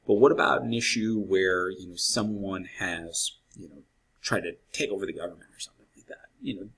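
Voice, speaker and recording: A man's voice: deep voice, fairly quick, a bit bright, slightly rough, rough recording. A man teaching a history lesson in a conversational way, repeating key phrases and asking his students questions. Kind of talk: classroom history lecture.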